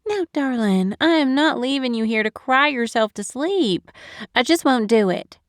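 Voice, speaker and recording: A woman's voice: high voice, lively intonation, moderate pace, no room sound, pitched above the performer's own voice. Woman playing a doting older matchmaker, affectionate, coaxing, protective, audiobook, dry close sound. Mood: consoling. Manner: coaxing, affectionate, calls everyone darling. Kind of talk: audiobook narration.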